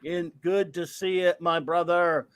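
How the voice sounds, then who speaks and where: A man's voice: high-pitched, fairly even intonation, measured pace, clean tone. A man hosting a casual livestream, joking at his own expense and rambling with fillers as he greets viewers. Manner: jokey, self-deprecating, rambling with fillers. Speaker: livestream host.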